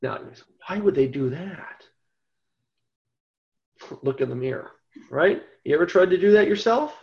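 A man's voice: fairly high pitch, expressive, unhurried, gravelly, muffled recording. A man giving a Bible study lecture in a conversational way, often checking in with "right?". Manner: conversational, keeps asking "right?". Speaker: Bible teacher.

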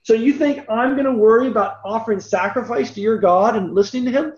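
A man's voice: extremely high pitch, fast, darkish tone. A man voicing a scornful, proud Egyptian king in a dismissive, mocking tone. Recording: roomy echo, dull lo-fi sound.

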